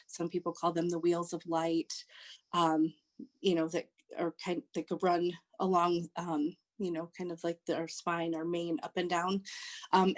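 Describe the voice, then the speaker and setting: A woman, a social worker and Reiki practitioner, explaining her work as a podcast guest in a halting way with many fillers. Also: fairly low pitch, darkish tone. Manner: hesitant, many ums and restarts. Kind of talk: podcast interview.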